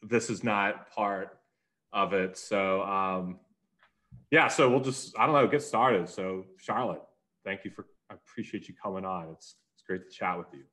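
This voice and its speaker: A man's voice: sits low, measured pace, pushed and bright. A man hosting a podcast, casual and self-deprecating, with hesitant fillers. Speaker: podcast host. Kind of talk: casual interview chat.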